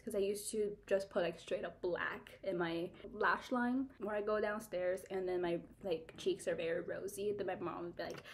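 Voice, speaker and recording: A woman's voice: medium pitch, steady tone, moderate pace, a little hiss or hum. A young woman from Kansas, a beauty vlogger who chats bluntly while doing her makeup and fills her talk with "like" and laughs. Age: young adult. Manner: blunt, chatty, filler-heavy, laughs often.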